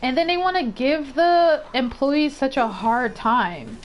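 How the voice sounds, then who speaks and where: A woman's voice: high voice, unhurried, muffled recording, a little hiss or hum. A young woman streaming a game, chatting casually, exclaiming and rambling as she plays. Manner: excitable, exclaims and rambles while gaming. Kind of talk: casual gameplay chat.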